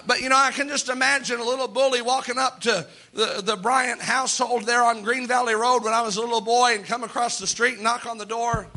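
A middle-aged man preaching a sermon in a church. His voice sits very high and sounds strikingly bright and ringing. He tells homey stories, stumbling and restarting as he goes. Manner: folksy storytelling with repeated restarts.

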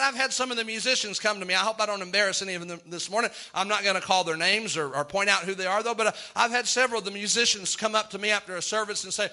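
A man's voice: high-pitched, racing, hardly any pauses, pushed and bright. A man preaching a sermon as pastor, building to fervor and punctuating with amens. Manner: preaching with rising fervor, call-and-response amens.

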